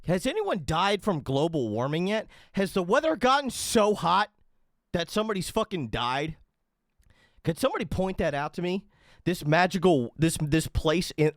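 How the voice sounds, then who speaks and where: A man's voice: fairly high pitch, sing-song, moderate pace, dry recording, studio quality. A man giving a heated, profane reaction commentary as the host of an online show. He swears constantly and stammers and restarts when he gets worked up.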